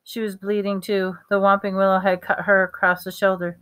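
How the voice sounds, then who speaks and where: A woman reading a storybook aloud, halting often to correct herself. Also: medium pitch, level tone, fairly bright tone, clear, resonant tone. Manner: halting, stumbles and self-corrections. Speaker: reader.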